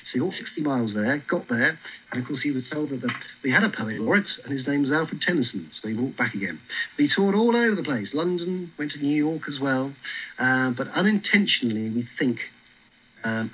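A man leading a walking tour outdoors on a city street, telling stories in a lively way with frequent fillers. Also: mid-range voice, a little fast, husky, low-quality recording.

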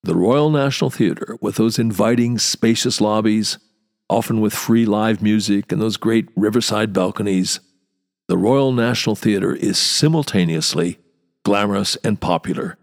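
A man's voice: lowish voice, normal speed, creaky. Wry, dramatic male storyteller, reverberant. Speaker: podcast host. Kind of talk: storytelling history narration.

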